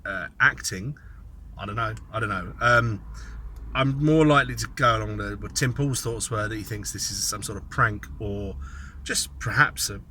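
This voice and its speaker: A man's voice: fairly low pitch, moderate pace, pushed and bright, a little hiss or hum. A man giving a rambling, sardonic commentary monologue, thinking aloud as he goes. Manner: sardonic, mocking asides. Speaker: political commentator.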